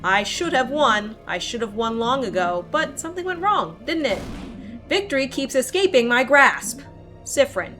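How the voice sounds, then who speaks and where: A woman voicing a menacing, gloating male king villain who speaks slowly and cruelly. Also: high voice, big pitch swings, fairly bright tone, soft background music. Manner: slow, taunting, cruel.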